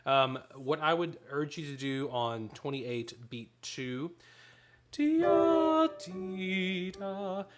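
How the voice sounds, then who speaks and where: A man's voice: mid-range voice, slow pace, few pauses, fairly bright tone. A man leading a choir rehearsal, giving directions between short sung demonstrations. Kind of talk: rehearsal instruction.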